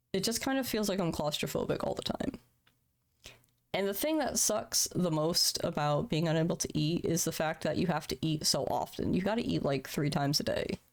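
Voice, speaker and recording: A woman in her thirties, a streamer, talking candidly and emotionally on a livestream from home, swearing casually. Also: low voice. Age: 30s. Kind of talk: candid personal talk on a livestream. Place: home room.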